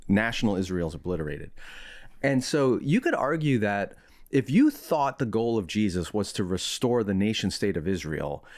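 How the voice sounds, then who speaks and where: Lower-voiced man hosting a podcast, probing. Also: sing-song, normal speed, a little mellow. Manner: thoughtful, probing, plays devil's advocate. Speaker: podcast host. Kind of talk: podcast conversation.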